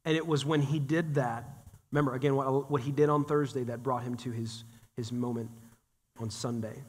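At a moderate pace, this pastor, thirties or forties, preaches in a church sanctuary with a steady, mid-range voice. He keeps it conversational and joking, addressing the congregation directly, as a long reverb rings through the hall.

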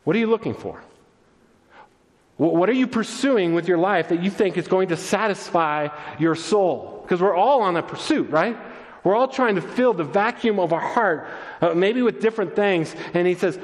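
Expressive male pastor in a reverberant church. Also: high voice, moderate pace. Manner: expressive, swings between loud excitement and soft hushed tones. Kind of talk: sermon. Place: church sanctuary.

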